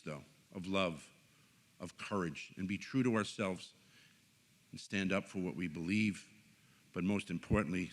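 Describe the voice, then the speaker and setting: A man giving an inspirational faith talk at a conference, earnest and animated, telling stories with jokes. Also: lowish voice. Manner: animated, joking, earnest storyteller. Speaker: conference speaker. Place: conference hall stage.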